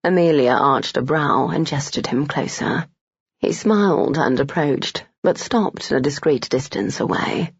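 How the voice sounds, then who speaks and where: Gravelly audiobook narrator, dull lo-fi sound. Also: medium pitch, a little slow, no echo. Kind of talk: scripted narration of a romance novel.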